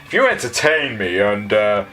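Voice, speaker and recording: A man doing an impression of an arrogant grown male wrestler, with a slow, condescending drawl. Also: on the low side, big pitch swings, bright, forceful tone, soft background music. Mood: smug.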